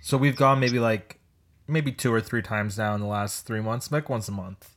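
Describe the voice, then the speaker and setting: Low-key man with a lowish voice. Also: fairly even intonation, moderate pace, a bit bright. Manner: low-key, brief replies. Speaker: podcast co-host. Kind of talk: casual chat.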